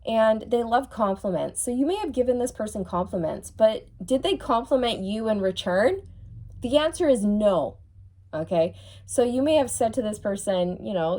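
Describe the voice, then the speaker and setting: A woman's voice: a little high, lively intonation, normal speed, warm tone. A woman reads tarot cards in a frank, teasing tone. She mocks the person the cards describe and laughs as she goes. She keeps checking in with the viewer as she talks. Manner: blunt, mocking, laughs often, repeats okay. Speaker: tarot reader. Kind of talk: tarot reading monologue.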